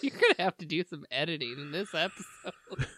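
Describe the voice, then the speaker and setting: Woman co-host, relaxed, chatty and giggly; close, dry mic. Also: deep voice, brisk, dry recording. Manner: giggly, chatty, trailing off with fillers. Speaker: podcast co-host. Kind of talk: casual chat.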